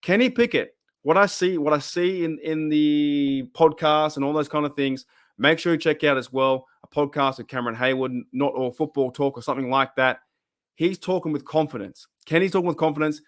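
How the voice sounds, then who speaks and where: Excitable male fan-channel host, rambly casual delivery, slightly high voice. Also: fairly quick. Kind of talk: casual vlog talk.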